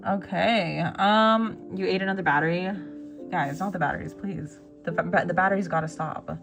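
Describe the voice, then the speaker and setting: A woman's voice: on the low side, moderate pace, gravelly. Woman live streamer, casual chat, reads chat aloud, giggly, faint music behind. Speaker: art livestream host.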